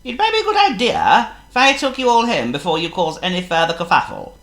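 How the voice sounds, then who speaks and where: A man's voice: sits high, wildly swooping pitch, a little fast, fairly bright tone, roomy sound, pitched above the performer's own voice, full character voice. A man voicing a cheerful, fussy male blackbird in a storybook reading, who repeats himself chattily. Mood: fussy, chatty.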